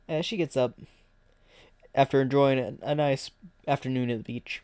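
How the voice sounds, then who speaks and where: A man's voice: medium pitch, fairly even intonation, moderate pace, pauses often, darkish tone, clean tone, no echo. A man streaming and narrating an improvised fan story, rambling and restarting sentences.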